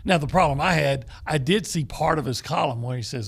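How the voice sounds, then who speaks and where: A man's voice: fairly high pitch, fairly quick, gravelly, husky. A man who is a sports columnist, talking bluntly and folksily on a sports talk radio show, often restarting his sentences. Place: radio studio.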